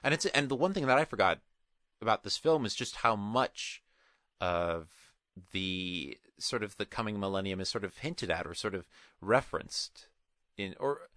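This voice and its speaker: A man's voice: fairly low pitch, lively intonation, moderate pace, pushed and bright, no room sound, studio quality. A man co-hosting a film podcast, talking casually with many restarts and qualifiers. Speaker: podcast co-host.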